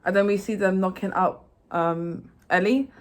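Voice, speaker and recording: A woman's voice: mid-range voice, moderate pace. Rambling young woman recapping a game. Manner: rambling, excitable retelling with many fillers. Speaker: vlogger.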